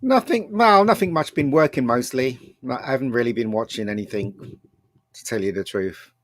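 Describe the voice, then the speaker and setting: A man's voice: mid-range voice, lively intonation, normal speed, no echo. A man, a filmmaker on the panel, chatting casually, laughing easily and trailing off in short replies. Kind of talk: casual chat.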